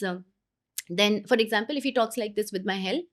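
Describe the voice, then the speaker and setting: A woman, a parenting coach speaking earnestly in an interview, pausing and restarting her thoughts. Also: mid-range voice. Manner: earnest, with many pauses and restarts. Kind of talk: conversational interview advice.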